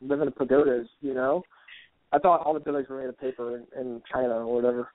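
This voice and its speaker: A man's voice: mid-range voice, little pitch movement, quick pace, no room sound. Profane joking man on a tinny line. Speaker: co-host. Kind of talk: casual comedic podcast chat. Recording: tinny, phone-like, dry.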